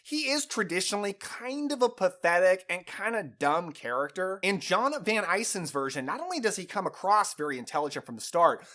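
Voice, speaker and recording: Male film reviewer, lively pitch, fairly high voice, chatty enthusiasm, casual channel host. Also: brisk, few pauses.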